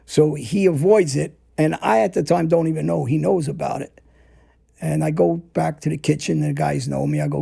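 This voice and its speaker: Middle-aged man, gravelly and husky, dark-toned; blunt, profane storyteller recounting his past in a casual, present-tense rush. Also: fairly high pitch, fairly quick. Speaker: storyteller guest.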